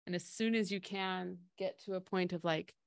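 In a lowish, smooth voice touched with vocal fry, steady in tone and at a moderate pace, a middle-aged woman co-hosts a laid-back podcast. She explains feelings via everyday analogies and acts out quoted voices, recorded dry in a clean studio.

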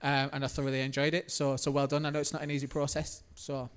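A man's voice: mid-range voice, level tone, fast, smooth. A man co-hosting a casual podcast, telling a rambling anecdote. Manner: rambling, full of fillers and restarts. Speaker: podcast co-host, musician. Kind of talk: casual chat.

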